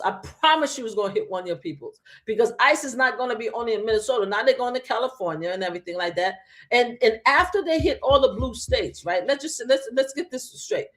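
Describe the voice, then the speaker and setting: A woman hosting a live stream, giving emphatic, repetitive commentary straight to her viewers from a home setup. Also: a little high. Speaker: livestream host.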